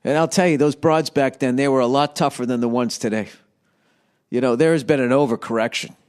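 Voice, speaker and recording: A middle-aged man's medium-pitched voice, clean and darkish in tone, moves briskly with fairly even intonation as he hosts a podcast. He rants profanely and rambles comedically into a windscreened studio mic, now and then putting on silly voices.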